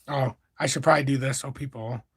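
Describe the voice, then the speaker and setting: A man's voice: medium pitch, breathy edge, no room sound. A man hosting a casual crypto livestream, talking through charts in a rambling, profane, self-correcting way.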